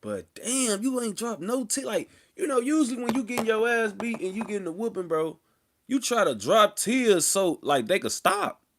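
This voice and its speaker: A man speaks as an interview guest, telling a story in loose, slang-filled talk. His voice sits fairly high and swings widely in pitch. He jumps into loud acted-out quotes of the people in the story. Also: moderate pace, a little hiss or hum. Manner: animated, slangy, acts out quotes loudly. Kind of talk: casual storytelling.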